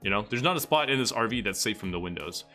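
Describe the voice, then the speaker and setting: A man with a lowish but bright, slightly tense voice talks through a match replay on stream. His delivery is loose, rambling and full of casual swearing. Soft music plays behind him. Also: expressive, fast talker. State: getting out of breath. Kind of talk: live stream commentary.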